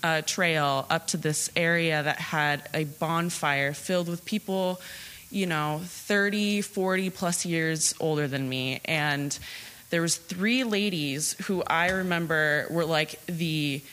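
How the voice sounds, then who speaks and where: A woman's voice: sits low, slow, a bit bright. A woman in her twenties telling a personal story live on a theatre stage, chatty and laughing often. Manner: chatty, laughing, lots of fillers.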